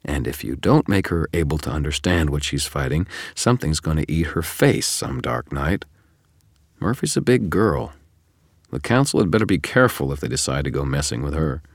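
Audiobook: knowing male double, wry and coaxing, very deep, dry, as a man reads him. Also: expressive, normal speed, dry recording, exaggerated voice. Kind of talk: audiobook character reading.

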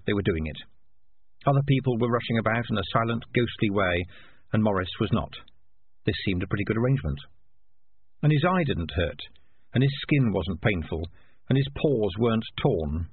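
Man narrating a storybook, husky and lively, tinny phone-line quality. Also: on the low side. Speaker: audiobook narrator. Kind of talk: scripted narration.

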